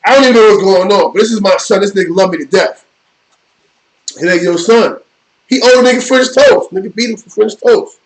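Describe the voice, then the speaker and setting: Easygoing and off the cuff, a middle-aged New Yorker with a fairly high male voice recounts a long jail story on his live stream, talking a little fast. He meanders in loose street slang, frequently checking in with "you know what I mean." The audio quality is poor.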